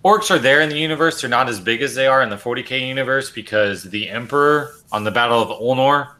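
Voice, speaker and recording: A man co-hosting a wargaming podcast, talking excitedly with many likes. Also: medium pitch, quick pace. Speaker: podcast co-host. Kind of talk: casual chat.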